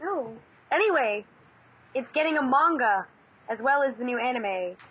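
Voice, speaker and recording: A woman's voice: sits high, animated, moderate pace, husky, highs cut off. Bantering young woman on a podcast. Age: 20s. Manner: bantering, laughs easily. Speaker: podcast co-host reading news. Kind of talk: casual podcast chat. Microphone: Skype call.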